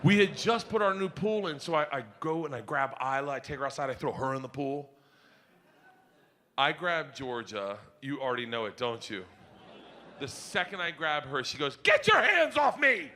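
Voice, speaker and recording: A man's voice: medium pitch, moderate pace, a bit bright. A middle-aged man doing rowdy, profane stand-up storytelling on a comedy stage.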